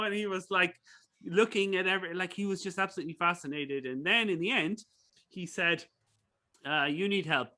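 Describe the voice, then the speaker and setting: A man's voice: high-pitched, normal speed, sharp tone. A man with an Irish accent, a guest in a casual interview, rambling through stories with many fillers and restarts. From Ireland. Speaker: guest, business professor.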